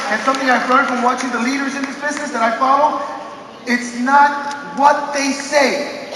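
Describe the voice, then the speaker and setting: An energetic man gives a motivational stage speech, and his voice sits unusually high for a man. He tells stories, calls out "guys" to the audience and sometimes shouts. He is heard from a distance in a big reverberant hall, with a crowd and background noise audible. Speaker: motivational speaker at a business convention. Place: large convention hall stage.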